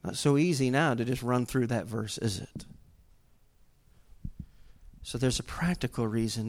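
A male pastor, preaching a sermon in a conversational way that rises to loud, emphatic bursts. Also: mid-range voice.

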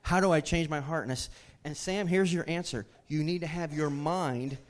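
Preaching at a moderate pace, this man's voice sits fairly high. He is a pastor whose sermon grows from relaxed instruction into impassioned, raised delivery.

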